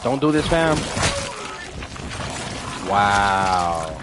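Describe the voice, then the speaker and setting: A man's voice: fairly low pitch, very animated, very slow, noisy background. A man streaming a horror game, chatting casually in slang while reacting to the game and to his viewers. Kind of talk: casual live gaming commentary.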